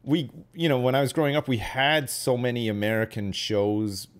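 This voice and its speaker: A man's voice: mid-range voice, steady tone, normal speed. A man in his thirties, hosting a game stream in casual chat, rambling with lots of hedges and tag questions. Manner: rambling, hedging, many fillers and tag questions. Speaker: streamer host. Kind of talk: casual chat while gaming.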